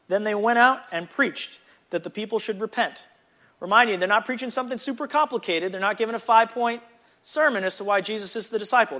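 A man teaching a casual Bible lesson in a chatty, animated way, with jokey asides. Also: high-pitched.

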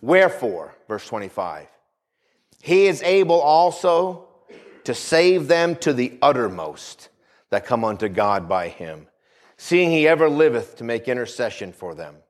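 Lively-pitched preaching man. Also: unhurried. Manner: preaching with rising and falling emphasis, repeats phrases, calls for amens. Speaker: pastor. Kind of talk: sermon.

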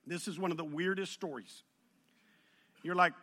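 A man preaching a sermon, telling the story in an animated, humorous way that builds in intensity. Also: sits high, normal speed. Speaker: pastor.

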